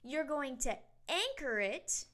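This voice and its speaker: A young woman tutoring a child on syllables. Her voice sits high and swoops a great deal as she talks. She encourages the child brightly and draws words out one syllable at a time. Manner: lively and encouraging, with drawn-out syllables. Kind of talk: teaching a lesson to a child.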